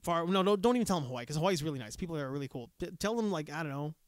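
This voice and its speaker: High-voiced joking man from Canada. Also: animated, racing, no room sound, studio quality. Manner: joking, acts out characters in raised voices, laughs often. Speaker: podcast co-host. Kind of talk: casual chat.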